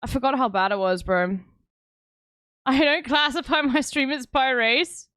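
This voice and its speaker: South African woman, young adult, streamer; high pitch, blunt and sarcastic, dry close sound. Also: unhurried, bright, forceful tone, clean tone, no echo. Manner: blunt, sarcastic, swears often. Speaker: livestreamer. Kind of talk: casual chat with stream viewers.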